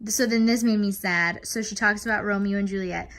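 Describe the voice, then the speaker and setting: A woman's voice: mid-range voice, fairly even intonation, brisk, fairly bright tone. A young woman casually recapping a novel for her book channel, chatty and openly emotional, swearing now and then. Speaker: book vlogger.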